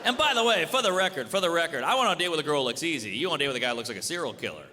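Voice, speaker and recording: A man doing a stand-up routine on a club stage, delivering blunt, deadpan jokes and acting out quick bits of dialogue. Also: fairly high pitch. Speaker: stand-up comedian. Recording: live club with audience noise and reverb. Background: laughing audience.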